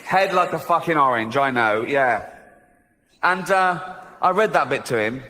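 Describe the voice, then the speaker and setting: A man's voice: medium pitch, animated, unhurried, sharp tone, slight background noise. A man doing stand-up comedy on a large theatre stage, sarcastic and profane with mock indignation, on a handheld mic. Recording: long theatre hall reverb.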